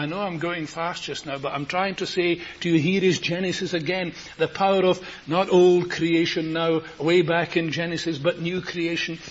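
A man preaches to a meeting, wandering from thought to thought in a conversational way before pushing into emphatic bursts. His voice sits a little high. The recording is dull and lo-fi, with a faint hiss underneath. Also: fairly bright tone. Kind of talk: sermon. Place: meeting hall. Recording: dull hissy lo-fi tape.

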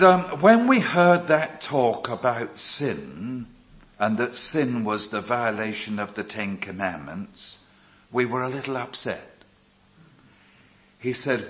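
Male preacher, slow and expressive delivery, storytelling sermon, dull lo-fi recording. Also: fairly low pitch. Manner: slow storytelling, quoting others in dialogue. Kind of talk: sermon testimony.

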